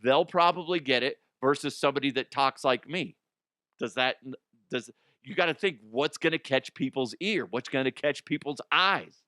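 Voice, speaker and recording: A man's voice: medium pitch, moderate pace, pushed and bright, dry recording, clean studio sound. A man hosting a comedy news show, rambling and profane, often dropping into silly put-on voices.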